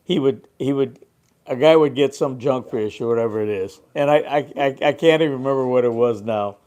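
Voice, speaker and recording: An older man co-hosting a fishing show, chatting casually and telling animated stories about the old days. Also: medium pitch, a little fast. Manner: lively storyteller, animated. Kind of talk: casual chat.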